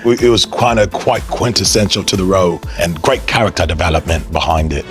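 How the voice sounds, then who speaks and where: A man's voice: low voice, a little fast, over music, lightly acted. A man voicing a pompous, rambling male film actor with a put-on British accent in a comedy sketch.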